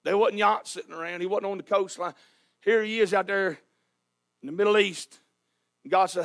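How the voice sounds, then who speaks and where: A man delivers a sermon in a church sanctuary. His voice sits very high for a man, and he hollers his points with fervent emphasis. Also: steady tone, normal speed, pauses often. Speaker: pastor.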